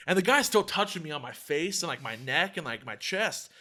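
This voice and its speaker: A man's voice: fairly high pitch, brisk. A young man telling a story in casual podcast chat, acting out quotes and swearing a lot, with "like" in nearly every phrase. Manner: animated storyteller, acts out quotes, heavy filler "like", swears a lot. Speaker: podcast co-host.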